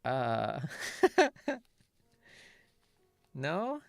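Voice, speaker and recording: A woman's voice: rumbling low, huge pitch swings, drawn-out words, vocal fry, no echo, faint music behind. A woman streamer in casual, rambling chat while gaming, laughing at herself often.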